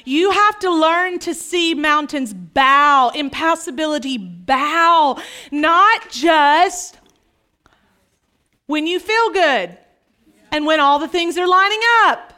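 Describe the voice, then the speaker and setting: Lively, bright-voiced woman preacher. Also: sits high, takes it slowly. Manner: animated, acts out scripture dialogue with humor. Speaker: pastor. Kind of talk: sermon.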